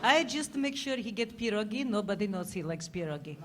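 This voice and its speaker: A woman's voice: medium pitch, lively intonation, a little fast, lightly acted. A woman voicing a pushy talent agent for a baby dragon, speaking broken English in a mock Russian accent. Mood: deadpan. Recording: loud crowd and noise at a convention panel.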